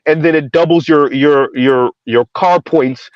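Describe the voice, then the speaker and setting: Guy hosting an online panel, rambly, kinda high voice, muffled dry audio. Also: a little slow, no room sound. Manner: rambling, restarts often. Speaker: show host. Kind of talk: casual panel chat.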